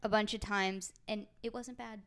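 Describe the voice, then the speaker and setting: A woman's voice: mid-range voice, steady tone, normal speed, fairly bright tone, clear, resonant tone. Wry young woman podcast co-host. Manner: wry, teasing, opinionated. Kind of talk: casual chat.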